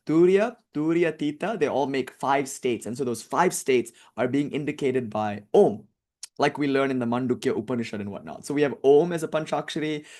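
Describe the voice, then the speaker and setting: A man giving a lecture on scripture, explaining terms with fillers and self-corrections and slowly chanting mantras in between. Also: a little high, a little mellow. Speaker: teacher.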